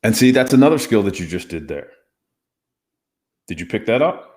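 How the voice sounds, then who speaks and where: Speaking at normal speed, this man has a fairly low, darkish voice with big pitch swings. Once a hostage negotiator, he's being interviewed and teaches communication skills in an emphatic, instructive way, acting out different inflections.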